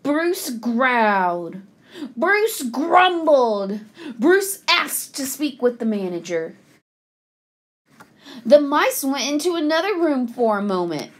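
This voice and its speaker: A woman reading a picture book aloud to children, expressive and sing-song. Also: high voice, measured pace, pauses often. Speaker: children's story reader.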